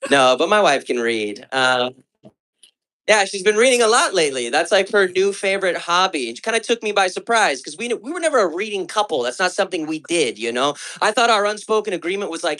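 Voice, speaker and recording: A man's voice: high-pitched, sing-song, fairly quick, sharp tone. A man on a comedy club stage performing a stand-up set, telling stories in a profane, exasperated way.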